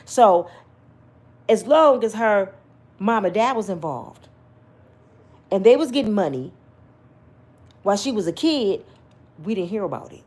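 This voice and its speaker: A woman's voice: medium pitch, animated, a little slow, pauses often, a little mellow. A woman giving an emphatic, slangy opinion rant to her viewers, full of rhetorical questions. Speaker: commentary vlogger.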